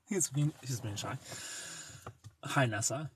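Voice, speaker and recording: A man's voice: medium pitch, slight background noise. A man hosting a casual livestream, teasing his guest with a chuckle and greeting viewers by name. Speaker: livestream host. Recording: distant mic, husky sound.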